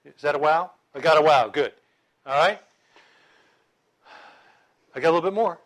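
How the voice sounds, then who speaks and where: A middle-aged man teaching a Bible class in a lively, conversational way, joking with his listeners. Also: a little high, moderate pace.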